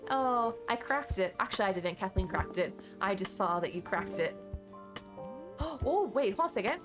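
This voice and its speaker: A woman streaming a game and chatting casually, rambling along with sudden excited exclamations. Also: mid-range voice, fairly quick. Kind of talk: casual gameplay chat. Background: chill background music.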